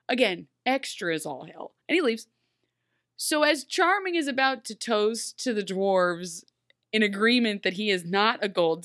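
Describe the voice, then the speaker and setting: A woman co-hosting a casual recap chat, animated and laughing as she acts out characters' lines. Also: mid-range voice, dry recording, studio quality. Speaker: podcast co-host.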